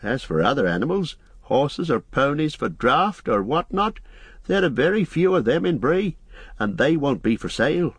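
Guy doing a fussy old innkeeper for an audiobook, way up high and fretting, kinda husky underneath. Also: sing-song, moderate pace, dry recording. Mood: unhappy. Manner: high, flustered, wailing. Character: fussy, frightened older male innkeeper. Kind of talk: audiobook character voice.

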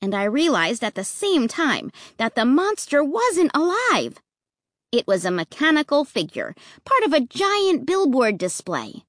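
A woman narrating a children's horror story in the first person with an expressive, suspenseful delivery. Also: sits high, unhurried, no echo, clean studio sound. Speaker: audiobook narrator.

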